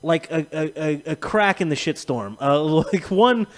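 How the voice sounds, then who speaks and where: A man's voice: on the high side, a little slow. A man co-hosting a podcast, telling rambling, profane stories in casual chat. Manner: profane, rambling, animated storytelling with laughs. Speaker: podcast co-host.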